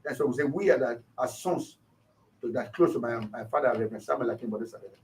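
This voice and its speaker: Nigerian pastor telling a story, off-mic. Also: male voice, medium pitch, quick pace, far from the mic, slight background noise, low-quality recording. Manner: animated retelling with acted quotes. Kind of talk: storytelling interview.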